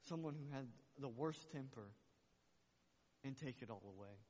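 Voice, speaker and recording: A man's voice: medium pitch, moderate pace, darkish tone. Passionate male preacher in echoing hall. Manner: passionate, repeats phrases for emphasis. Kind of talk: sermon. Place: church sanctuary. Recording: muffled recording with long hall reverb.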